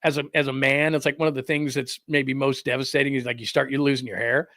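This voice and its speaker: A middle-aged man hosting a podcast, ranting in a rambling, exasperated way with lively asides. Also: mid-range voice, quick pace, dry recording, studio quality. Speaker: podcast host. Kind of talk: casual ranting commentary.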